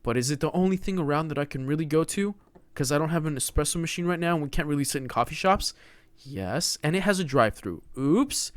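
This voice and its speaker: A man's voice: fairly high pitch, animated, quick pace, dry recording. A man in his twenties hosting a podcast alone, rambling and joking about himself and often saying "dude.". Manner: rambling, joking, self-mocking, says dude a lot. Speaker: podcast host. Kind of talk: casual solo monologue.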